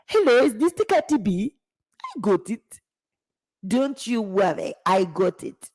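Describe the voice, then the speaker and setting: A woman doing an impression of an eager young woman rapper who talks loud and repeats herself on the phone. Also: mid-range voice, big pitch swings, unhurried, slightly rough.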